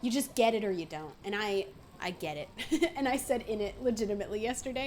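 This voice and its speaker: A woman's voice: mid-range voice, fast talker, a little mellow, slight background noise. An American woman streaming a game, chatting casually with viewers in a playful way and laughing often. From United States. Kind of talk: casual gaming stream chat.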